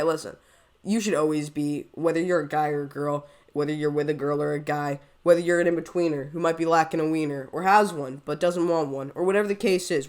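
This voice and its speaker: A woman hosting a reaction video, who is sick and coughs. She rambles in casual commentary, wordy and full of self-doubt. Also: deep voice.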